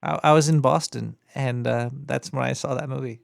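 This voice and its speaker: Gravelly man hosting a call-in show. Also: mid-range voice, normal speed, no room sound, studio quality. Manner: loose, joking, deadpan absurd humor. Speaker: radio show host taking calls. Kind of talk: casual call-in show banter.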